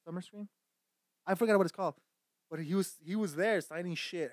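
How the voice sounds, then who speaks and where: A man's voice: high voice, a little fast, no echo. Profane rambling male streamer. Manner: profane, rambling, laughs at own jokes; bursts into loud shouted insults. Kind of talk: casual gaming stream chatter.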